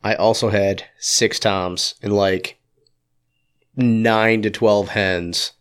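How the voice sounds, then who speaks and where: A man with a lowish voice, talking in a dry, teasing way and swearing as he goes. He's a podcast co-host in relaxed casual chat with a glass of whiskey. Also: very slow, smooth. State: drinking whiskey.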